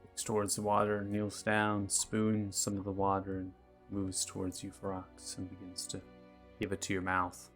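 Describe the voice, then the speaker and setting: A man's voice: low voice, monotone, moderate pace, soft background music. A man narrating a tabletop roleplaying game as game master, in loose, hedging descriptions.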